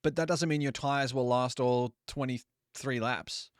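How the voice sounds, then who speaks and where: A man's voice: mid-range voice, fairly even intonation, a little slow, clean tone, no room sound, clean studio sound. A young man streaming a racing game live, chatting casually, swearing freely and apologizing to viewers for audio trouble. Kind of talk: casual live gameplay commentary.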